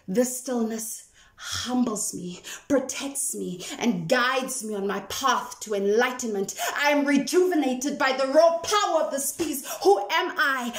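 A woman performing her spoken-word poetry dramatically, shifting between hushed whispers and bold declarations. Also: a little high, animated, takes it slowly. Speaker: poet. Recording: roomy echo.

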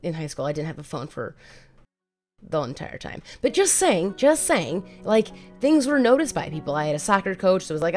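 Candid woman telling her story, lowish voice. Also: expressive, moderate pace, darkish tone, faint music behind. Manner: candid, conversational, repeats phrases. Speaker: mental health advocate and vlogger. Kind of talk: personal story vlog.

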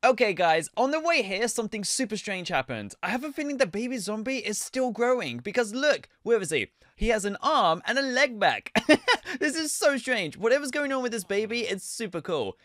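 A young man hosting a game video, giving excitable commentary with frequent laughs and loud squeals. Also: high voice, moderate pace, no echo, studio quality. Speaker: gaming video host.

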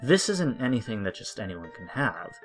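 A man voicing a strange, sly merchant who sells wishes, speaking in a measured way. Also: lowish voice, very animated, soft background music, pitched above the performer's own voice.

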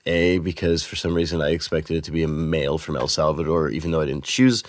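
A man hosting his channel who reviews sound-design software in a casual, excited way, using a shotgun mic. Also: a bass voice, fast, dry recording. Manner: excited, enthusiastic. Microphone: shotgun microphone.

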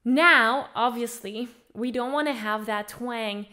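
A woman's voice: on the high side, slow, bright, forceful tone. A woman teaching an online singing lesson, explaining things in an upbeat way and demonstrating with her own voice. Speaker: vocal coach.

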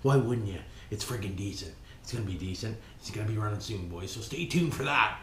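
A Canadian man rebuilding an engine at home addresses his vlog viewers as "boys," folksy and swearing a lot as he works with tools. His voice is on the low side, expressive and a little fast, while loud tool clatter echoes around the room.

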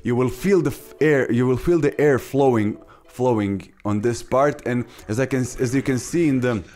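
A young man hosting a casual beatbox tutorial, talking haltingly with many fillers and restarts. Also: mid-range voice, darkish tone. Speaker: beatbox tutorial channel host.

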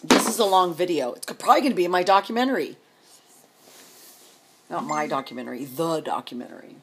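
A woman's voice: low voice, lively intonation, fairly quick, noisy background. A middle-aged woman venting to camera in a rambling, exasperated, sarcastic rant. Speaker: vlogger.

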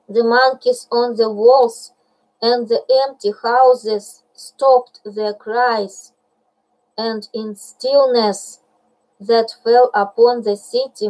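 Slow, careful woman storybook reader. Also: a little high, a little mellow, poor audio. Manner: slow, careful reading with small slips. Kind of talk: storybook reading.

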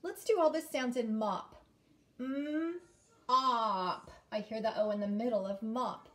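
A woman teaching an early-grade phonics lesson, clearly sounding out letters and inviting children to repeat after her. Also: fairly high pitch, animated, a little fast, darkish tone.

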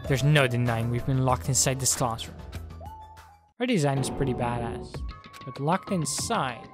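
Low-voiced woman reading a game aloud. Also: moderate pace. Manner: casual, jokey, voices every character. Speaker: let's play host. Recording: voice with game music behind. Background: game music.

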